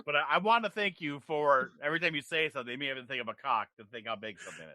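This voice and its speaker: A man's voice: medium pitch, very fast, bright, forceful tone, dry recording. A man co-hosting a casual podcast chat, cracking crude jokes. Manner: joking, crude banter.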